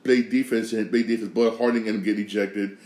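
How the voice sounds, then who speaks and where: Quick-paced and fairly even in intonation, the man's lowish, darkish voice carries emphatic sports and news commentary on his podcast. He restarts sentences and repeats phrases, and the room sounds echoey.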